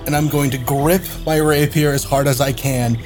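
A man's voice: a little high, steady tone, normal speed, music in the background. A man playing a tabletop game, talking heatedly and swearing a lot. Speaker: player. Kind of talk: tabletop role-play.

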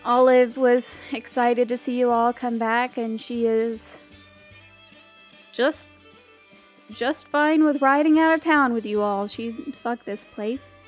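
A woman running a tabletop role-playing game as game master, narrating in a casual, halting way with frequent restarts. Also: on the high side, fairly even intonation, soft background music.

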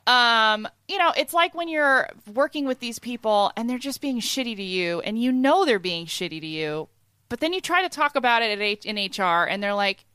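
Woman on a podcast, bright voice, dry sound, joking around and swearing a lot. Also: a little high, expressive, normal speed, smooth, no room sound. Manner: joking, candid, swears freely. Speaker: podcast host. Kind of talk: casual podcast chat.

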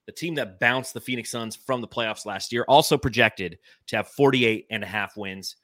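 A man in his thirties co-hosting a casual sports talk show, animated and swearing now and then. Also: mid-range voice, moderate pace, no echo, clean studio sound. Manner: animated, swears, reads chat comments. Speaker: podcast co-host.

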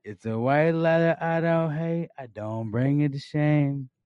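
A man's voice: a little high, unhurried, clean tone, no room sound. A man co-hosting a podcast in casual chat, joking around and throwing in hype interjections. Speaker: podcast co-host. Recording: dull dry lo-fi sound.

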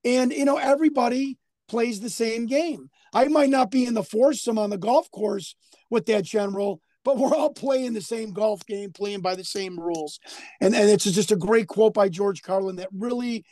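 Excitable guest guy, really high voice, repeats himself a lot, super dry close sound. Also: moderate pace, no room sound. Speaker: podcast guest. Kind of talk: casual chat and storytelling.

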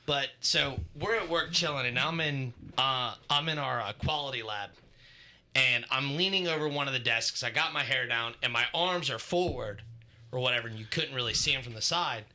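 A man co-hosts a podcast in loose, crude casual chat. He rambles through his stories. His voice is very bright and sharp. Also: medium pitch, normal speed. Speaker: podcast co-host.

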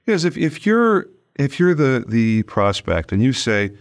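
A man hosting a podcast in casual conversation, acting out sales calls in quick mock voices. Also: medium pitch. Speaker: podcast host.

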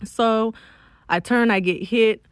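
A young woman from Miami telling a personal story in a casual, emphatic, animated way, often saying "like.". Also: a little high, takes it slowly, smooth, no echo, studio quality. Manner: emphatic, animated retelling with frequent "like".

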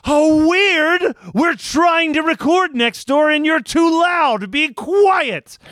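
A man putting on a shrill, high, shouting voice to scold someone as a prank bit. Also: slow, no echo, clean studio sound, heavily acted. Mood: mock outrage.

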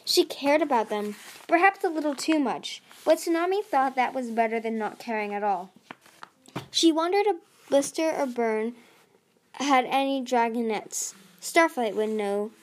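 A woman's voice: high-pitched, lively intonation, unhurried, slight background noise. Woman reading a storybook aloud. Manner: reads with small slips and restarts. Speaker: audiobook reader. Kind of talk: storybook narration.

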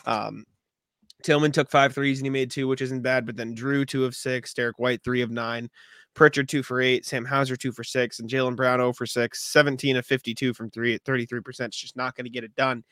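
A man chatting casually as a podcast host. His voice is bright and forceful, and it sits close and dry with no room sound. He talks loosely and reels off stats in quick lists. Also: medium pitch, flat delivery, dry recording. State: has the hiccups. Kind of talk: casual sports podcast chat.

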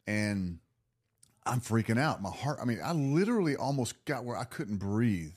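A man guest on a podcast, telling a story in a casual, animated way, laughing and restarting his sentences. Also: medium pitch, normal speed, slightly rough. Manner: animated, laughing, lots of restarts and acted self-talk.

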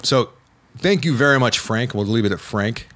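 A man hosting a film podcast in casual chat, excitable and teasing his co-hosts. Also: medium pitch, moderate pace.

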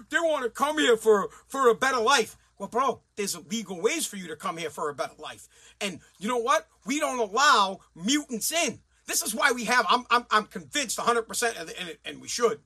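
Man, very high voice, profane rant, blunt, crude, heated. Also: sharp tone. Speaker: commentator.

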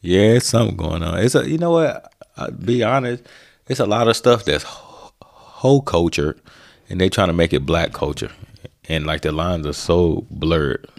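Real deep gravelly dude co-hosting, laid back and dry. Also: male voice, moderate pace. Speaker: podcast co-host. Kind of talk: casual chat.

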